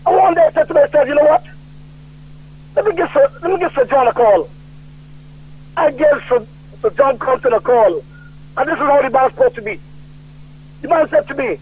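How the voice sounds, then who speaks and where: A man calling in to a radio talk show, ranting loudly about politics and retelling old conversations. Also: very high voice, fairly quick, pauses often, slightly rough. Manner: loud and heated, retelling quoted conversations. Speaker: radio call-in caller. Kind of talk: political rant on a call-in show. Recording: tinny phone line.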